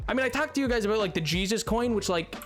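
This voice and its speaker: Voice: mid-range voice, animated, racing, faint music behind. A livestreamer chatting casually while gaming, rambling with lots of restarts and filler words.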